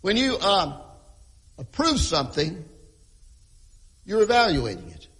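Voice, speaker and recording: A man preaching a sermon in a church, emphatic, repeating key phrases and often clearing his throat. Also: high-pitched, wildly swooping pitch, measured pace, a bit bright. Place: church with a sound crew. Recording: long hall reverb.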